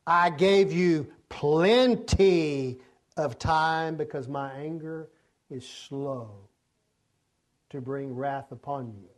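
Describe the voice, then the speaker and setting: A man doing a slow, stern judging God. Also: a little high. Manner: slow, grave pronouncements.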